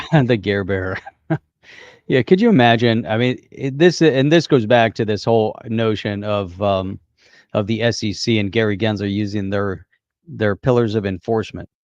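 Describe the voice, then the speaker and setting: A man's voice: on the low side, normal speed, darkish tone, no echo, muffled recording. A man co-hosting a casual livestream chat, laughing easily and reading viewer comments. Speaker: co-host.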